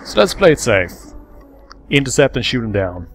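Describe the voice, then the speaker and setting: Guy hosting a let's play, walking through the game mechanics, mid pitch voice. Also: sing-song, moderate pace, fairly bright tone, faint music behind. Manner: explains game mechanics step by step. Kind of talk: casual gameplay commentary.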